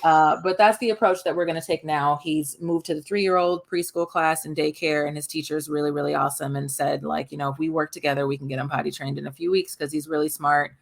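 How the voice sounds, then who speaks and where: Woman, thirties, low voice, gravelly, candid casual podcast chat. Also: fairly even intonation, fast, few pauses. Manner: candid, chatty, often quotes her toddler in a high voice. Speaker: podcast co-host.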